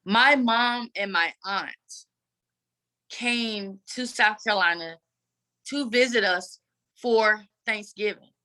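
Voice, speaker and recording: A woman guest telling a candid personal story in an earnest, animated way. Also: medium pitch, takes it slowly. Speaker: guest advocate.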